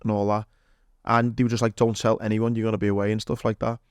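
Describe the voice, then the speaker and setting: A man's voice: on the low side, little pitch movement, fast, no echo, clean studio sound. A man with a Liverpool accent, a podcast guest rambling through an anecdote with plenty of fillers. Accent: Liverpool (Scouse). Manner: rambling anecdotal telling with fillers and acted quotes. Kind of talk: casual storytelling chat.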